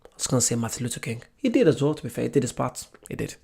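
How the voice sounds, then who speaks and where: A man's voice: medium pitch, very animated, racing, creaky, darkish tone, slightly rough. Chatty, enthusiastic male reactor. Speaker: reaction video host. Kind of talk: casual reaction commentary.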